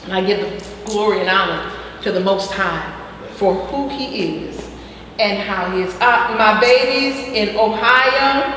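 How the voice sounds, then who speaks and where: A woman's voice: mid-range voice, unhurried. A woman teaching a casual spiritual health class who peppers her talk with hallelujahs and fillers, speaking in an echoey room. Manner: warm and preachy, frequent hallelujahs and fillers. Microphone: far from the mic. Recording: echoey distant room with faint noise.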